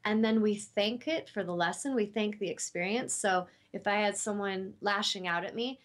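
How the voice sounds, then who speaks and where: A woman who works as an intuitive healer, talking earnestly and from the heart about love and forgiveness, with casual fillers. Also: medium pitch. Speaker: intuitive healer and show host. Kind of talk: spiritual teaching talk.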